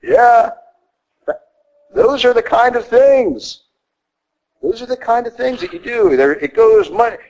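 Emphatic preacher man with gravelly voice. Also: poor audio. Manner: emphatic, rhetorical, with sudden high rises for stress. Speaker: priest. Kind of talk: sermon.

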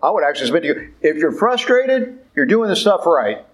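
A man delivers a sermon in a loose, conversational way, pressing his points with emphasis and rhetorical questions. His voice sits a little high for a man. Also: very animated, brisk, low-quality recording. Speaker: preacher.

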